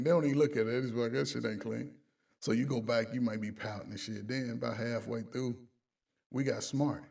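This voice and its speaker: A man's voice: medium pitch, a little mellow, breathy edge, far from the mic. A man, a coach, casually telling profane stories, laughing along and quoting other people in his own voice. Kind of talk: casual storytelling.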